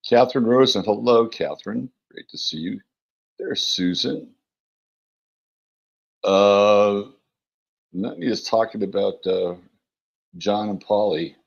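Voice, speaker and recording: A man hosting an astrology livestream, greeting chat viewers by name in a relaxed, rambling way with many fillers and a gravelly, husky voice. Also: fairly low pitch, takes it slowly, pauses often, dull audio. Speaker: astrology show host.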